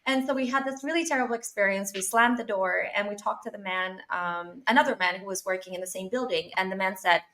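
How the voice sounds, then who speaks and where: A young woman from Canada hosting a podcast, telling stories in an animated way with lots of fillers. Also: mid-range voice, fast, hardly any pauses. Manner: animated storytelling with frequent fillers and laughs. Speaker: podcast host. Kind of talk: casual interview chat.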